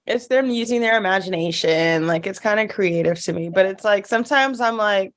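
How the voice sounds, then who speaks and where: A woman's voice: medium pitch, fairly quick. A woman co-hosting a casual podcast chat, giggly and chatty, with a lingering cough and sore throat. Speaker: podcast co-host.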